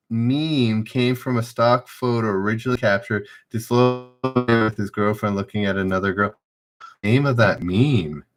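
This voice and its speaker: A man's voice: mid-range voice, fairly bright tone. A man hosting a live-streamed trivia game, reading questions aloud and chatting loosely with viewers.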